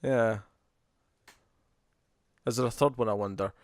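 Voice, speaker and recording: A man's voice: mid-range voice, steady tone, unhurried, no room sound, studio quality. A man co-hosting a podcast, chatting casually and rambling about movie trailers with lots of restarts. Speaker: podcast co-host.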